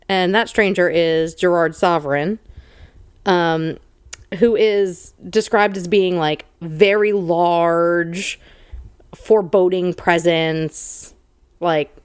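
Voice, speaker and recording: Female podcast co-host, low voice, brash casual book talk, dry sound. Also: slow pace, smooth, no room sound. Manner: brash, summarizing with fillers and crude jokes. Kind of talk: casual book club chat.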